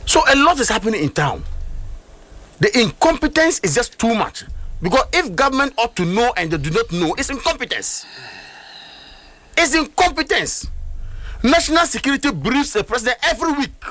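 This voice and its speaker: A man's voice: very high voice, sing-song, brisk, a bit bright, no room sound. A man with a Ghanaian accent arguing animatedly in a political talk show debate, emphatic and mixing in Twi phrases. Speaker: political commentator.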